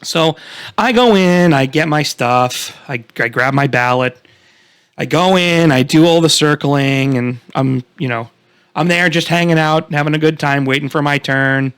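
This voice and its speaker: A man's voice: a little high, measured pace, fairly bright tone, clean tone, no room sound, clean studio sound. A young man co-hosting a casual podcast, telling a story with lots of swearing and laughter. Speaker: podcast co-host. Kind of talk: casual chat.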